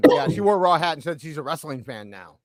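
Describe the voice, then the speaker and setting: A man co-hosting a casual wrestling podcast, excitable and quick to laugh. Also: a little high, crowd noise. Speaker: podcast co-host.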